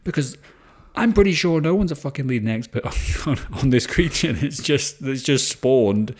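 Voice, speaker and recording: A man's voice: mid-range voice, expressive, moderate pace, a little mellow, breathy edge. A man co-hosting a casual film review chat, rambling with restarts and swearing for emphasis. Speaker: podcast co-host.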